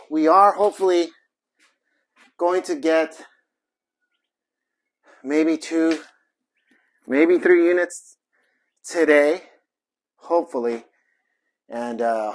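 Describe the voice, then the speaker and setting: A man's voice: a little high, slow pace, long pauses, no echo. A man chatting casually to his viewers while hauling heavy things out of a trailer, out of breath and rambling with self-deprecating jokes. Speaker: vlogger, small shop owner. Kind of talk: casual vlog chat while working. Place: outdoors by a trailer and yard.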